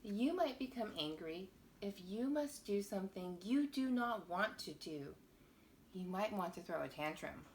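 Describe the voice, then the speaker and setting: A woman reads a children's picture book aloud, talking straight to the young viewers in a playful, expressive way. She takes her time with every phrase at an unhurried pace. Her voice sits at an ordinary pitch, with a faint hum of noise behind it.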